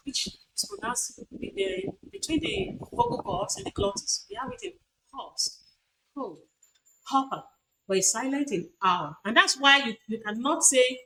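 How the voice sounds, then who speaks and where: A woman's voice: sits high, gravelly, sharp tone. A woman, teaching a university class on pronunciation and repeating example words with corrections. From Nigeria. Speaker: university lecturer. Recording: noisy recording.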